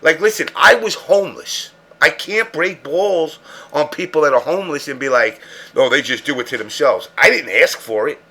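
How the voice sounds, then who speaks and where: Guy on a podcast rambling through a story, swears a lot, gravelly voice, kinda high. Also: animated, normal speed, bright, forceful tone. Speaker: podcast host. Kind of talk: casual chat.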